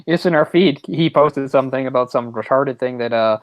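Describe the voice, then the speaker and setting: A man's voice: mid-range voice, fairly quick, no echo. Rambling male podcast co-host, dry sound. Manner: rambling, lots of fillers and restarts. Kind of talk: casual chat.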